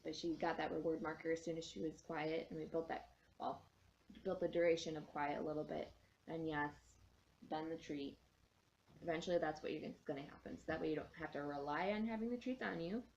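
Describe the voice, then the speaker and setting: A woman's voice: deep voice, darkish tone, muffled recording, a little hiss or hum. A woman dog trainer casually explaining a training method, chatty, with frequent ums and restarts.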